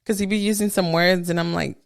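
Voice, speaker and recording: Woman, podcast co-host, animated storytelling, lower pitch, dry sound. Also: a little fast, gravelly, dry recording. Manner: animated storyteller, acts out quotes. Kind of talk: casual chat.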